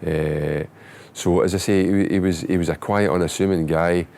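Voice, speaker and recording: A man recalling his playing days in a halting interview, often pausing on "eh". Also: deep voice, fairly even intonation, gravelly, a little mellow. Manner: halting, restarts with "eh". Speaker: former footballer interviewee. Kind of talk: reflective interview.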